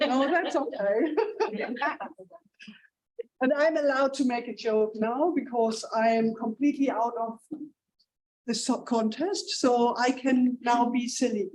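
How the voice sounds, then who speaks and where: A woman's voice: on the high side, a little mellow, a little hiss or hum, low-quality recording. A woman from Germany with a German accent, chairing a speech contest on stage, with playful, self-teasing asides.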